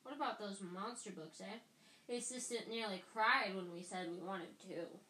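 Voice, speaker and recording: A woman's voice: mid-range voice, normal speed, pushed and bright, reverberant, a little hiss or hum, lightly acted, low-quality recording. A woman voicing a cheeky, joking schoolboy who teases his friends, in a storybook reading. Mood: boastful. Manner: breezy, teasing.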